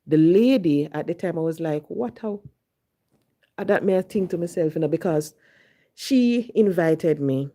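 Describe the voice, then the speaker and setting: A woman's voice: lowish voice, expressive, normal speed, mellow. A woman from Jamaica with a Jamaican accent, telling a personal story and slipping into Patois when she quotes herself.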